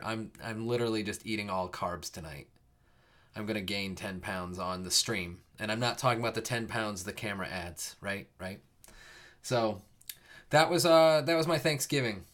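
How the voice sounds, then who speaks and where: A man's voice: fairly low pitch, pushed and bright. A young man hosting a live coding stream, chatting casually with viewers in a rambling way, full of fillers and restarts before the lesson.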